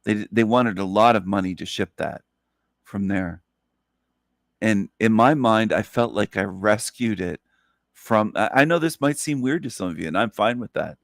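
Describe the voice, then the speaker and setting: Sleepy man hosting a solo spiritual talk, low gravelly voice, dry close sound, slow earnest delivery. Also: no echo. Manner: slow, earnest, repetitive phrasing. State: sleepy, up all night. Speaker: channel host.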